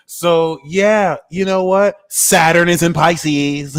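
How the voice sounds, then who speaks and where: Slow and clean, with few pauses, this slightly high male voice belongs to an astrology livestreamer who rants casually for laughs, animated, slangy and profane, chuckling at his own humor.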